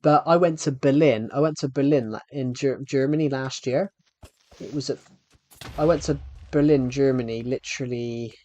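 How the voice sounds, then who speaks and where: A man's voice: medium pitch, normal speed, dark tone, highs cut off. A man streaming live, chatting in a rambling, casual way and talking straight to his viewers. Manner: rambling, addresses viewers directly. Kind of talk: casual live-stream chat while gaming.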